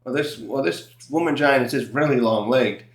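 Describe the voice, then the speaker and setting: A man's voice: medium pitch, moderate pace. A man reviewing a comic chapter in casual chat, rambling with many fillers, self-corrections and frequent chuckles. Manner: laughs often while recapping. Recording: roomy echo.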